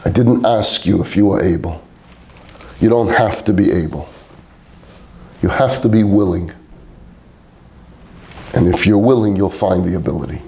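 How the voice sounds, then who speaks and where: A man acting out a stern, wounded father who presses his son with question after question, his voice climbing as he pleads. The tone stays mellow and warm even at its most fervent. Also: low voice, normal speed, creaky, pauses often, pitched below the performer's own voice. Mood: firm, tender. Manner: impassioned rhetorical questioning.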